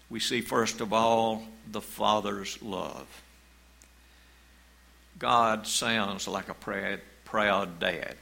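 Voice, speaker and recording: A man preaching a sermon as pastor, in a slow, measured way, reading scripture aloud. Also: fairly low pitch, fairly even intonation, creaky, bright, forceful tone, rough recording.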